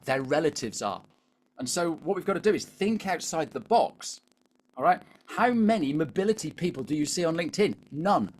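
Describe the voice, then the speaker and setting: Chatty British man coaching a webinar. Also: a little high. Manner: chatty, keeps asking the audience "all right?". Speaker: LinkedIn coach. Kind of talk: live webinar coaching talk.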